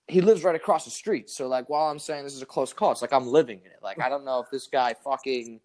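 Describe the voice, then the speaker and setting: A young man telling a story in casual chat, animated and profane, full of "dude" and "like". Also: medium pitch, quick pace.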